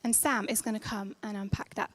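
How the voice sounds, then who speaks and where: A woman's voice: medium pitch, steady tone, fairly quick, a bit bright. A woman leading children's church, telling a Bible story in a playful, slangy, dramatic way. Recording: church hall reverb.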